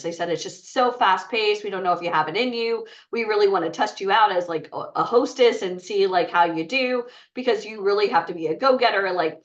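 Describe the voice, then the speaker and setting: A woman's voice: lowish voice, a bit bright. A woman giving a blunt, chatty motivational talk to an audience, often asking the room questions. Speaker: bootcamp speaker. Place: event room. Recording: muffled sound from far off.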